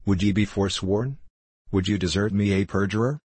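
A man's voice: fairly low pitch, normal speed, darkish tone, husky, dry recording. A man voicing a reproachful young runaway. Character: frightened stubborn young traveller, male.

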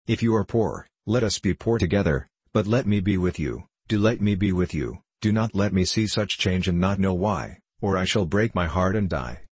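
A man's voice: sits low, animated, normal speed, few pauses, slightly rough, no room sound. A man reading as an earnest pleading young girl.

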